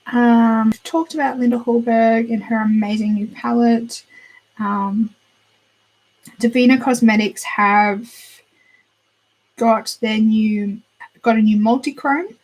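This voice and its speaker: Chatty woman with a husky voice. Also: a little high, steady tone, slow, long pauses, a little mellow, rough recording. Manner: chatty, gushing, thinks aloud while browsing. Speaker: beauty channel host. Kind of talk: casual chat.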